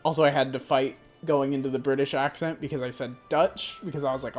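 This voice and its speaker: A young woman streamer chatting casually in a rambling, animated way, swearing freely. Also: extremely low pitch, fast talker, soft background music. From United States. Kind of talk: casual chat.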